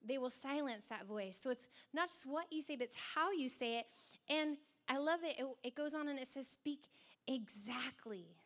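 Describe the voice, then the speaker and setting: A young adult woman preaching a sermon in an animated way, acting out quoted voices as she goes. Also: sits high, a little fast.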